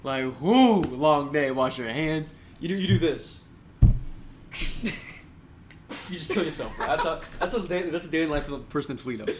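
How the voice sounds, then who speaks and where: A man's voice: fairly high pitch, lively intonation, moderate pace, long pauses, noisy background. A young man co-hosting a sports podcast, chatting casually, joking and roasting with slangy talk and frequent laughter. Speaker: podcast co-host.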